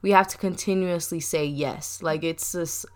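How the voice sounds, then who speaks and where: A woman's voice: lowish voice, steady tone, moderate pace. A young woman hosting a casual chat, talkative and laughing often, with a habit of saying y'all. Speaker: podcast host.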